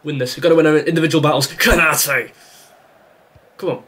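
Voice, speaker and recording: A man's voice: a little high, steady tone, racing. A young man commentating his own football video game, exasperated and sarcastic as he rants at the match. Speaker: gaming YouTuber. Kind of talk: frustrated live gameplay commentary.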